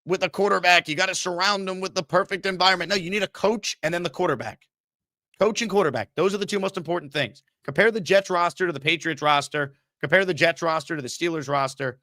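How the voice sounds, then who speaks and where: A man's voice: fairly high pitch, bright, forceful tone, no echo, clean studio sound. A man hosting a sports talk show, ranting emphatically and with exasperation. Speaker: podcast host.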